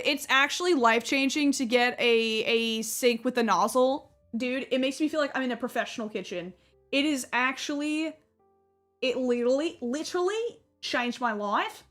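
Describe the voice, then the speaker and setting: A young woman chatting casually to her live-stream viewers while she plays, talking excitedly and sometimes getting loud when surprised. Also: high-pitched. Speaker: gaming streamer.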